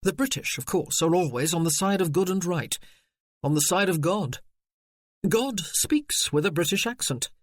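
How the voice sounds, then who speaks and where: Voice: medium pitch, expressive, moderate pace, no room sound, studio quality, natural voice. A narrator reading a grim, sardonic Regency officer. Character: bitter young male Regency army officer. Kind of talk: audiobook character reading.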